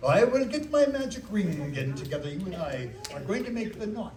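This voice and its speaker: A male children's magician doing a playful, animated magic show and storytelling in a library, talking with the audience. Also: fairly high pitch, a little fast, hardly any pauses, distant mic. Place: public library room. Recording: echoey room from afar with kids.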